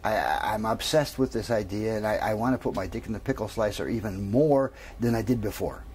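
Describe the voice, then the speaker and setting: A man's voice: fairly low pitch, a little mellow, natural voice. Man playing a stammering obsessed patient. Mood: sheepish. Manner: halting, repeats words.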